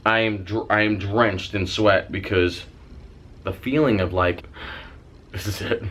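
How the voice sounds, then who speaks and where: A man's voice: lowish voice, measured pace, a little hiss or hum. A young man telling a dramatic story in a casual vlog, swearing freely and mimicking the noises as he goes. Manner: animated, dramatic retelling with sound effects. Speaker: vlogger.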